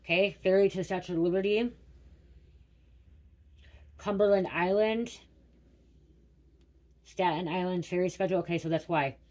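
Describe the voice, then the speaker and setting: A woman's voice: on the low side, fairly even intonation, moderate pace, pauses often, darkish tone. A middle-aged woman doing a casual spiritual card reading, musing aloud and repeating words as they come to her. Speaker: tarot reader.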